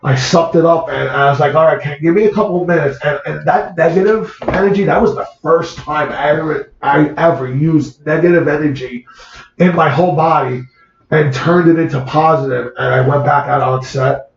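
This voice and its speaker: A man, an actor, recalls a personal story in conversation, halting and repeating words as the feeling comes through. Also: on the high side, gravelly. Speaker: actor, guest. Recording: roomy, dull lo-fi sound.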